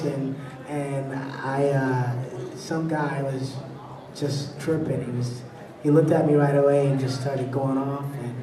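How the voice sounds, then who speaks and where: A man on a convention panel telling stories with lively delivery, laughing often and acting out the people in his tales. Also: on the high side. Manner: animated, laughs between anecdotes, acts out voices. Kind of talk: storytelling on a fan panel. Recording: echoey hall, voice from far off.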